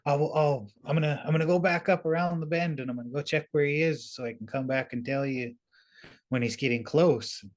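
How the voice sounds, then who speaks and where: A scheming raven trickster from an oral story rattles off his words in a raised, hurried voice, as a man puts him on. He sounds eager and a bit breathless as he lays out his plan. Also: a little high, voice pushed up, lightly acted. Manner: eager, rushed and fast. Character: sly scheming raven trickster, quick talker.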